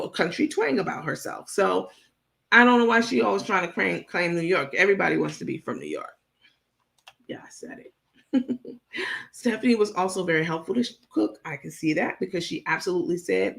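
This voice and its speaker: A woman holds forth on a casual livestream, blunt and gossipy, stopping to read viewers' comments aloud. Her voice has a gravelly, creaky edge and sits at an ordinary middle pitch. The delivery is loose and unscripted, with frequent fillers. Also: fairly bright tone. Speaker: livestream host. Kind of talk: casual commentary reading live chat.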